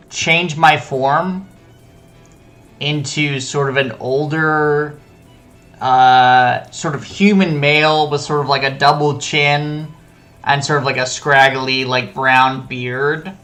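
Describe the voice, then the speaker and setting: A slow-talking man playing in a tabletop game with a slightly high voice. He describes his character's moves hesitantly and hedges nearly every phrase with filler words. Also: fairly even intonation, pushed and bright, faint music behind. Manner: hesitant, hedging with "sort of". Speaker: player.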